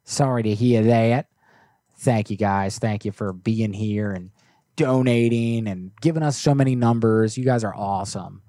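A man's voice: fairly low pitch, a little slow, mellow, dry recording, clean studio sound. A young man hosting a prank call livestream, reading viewer requests in an offhand, joking way with some swearing. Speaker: prank call streamer host. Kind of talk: casual livestream chat.

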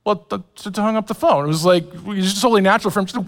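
Racing along in a high-pitched voice, a pastor in his forties preaches in a large hall. He shares stories about himself with self-deprecating wit, stumbling through many fillers and restarts.

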